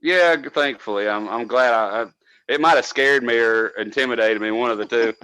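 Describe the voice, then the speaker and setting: A man in his own casual storytelling voice, mid-pitched and swearing freely. The sound is dry and close to the mic, with no room around it. He gets loud and animated whenever he quotes someone. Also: a little fast, clean tone, no room sound, poor audio. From North Georgia. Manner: profane, animated, acts out quotes loudly. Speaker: podcast co-host, former cable tech.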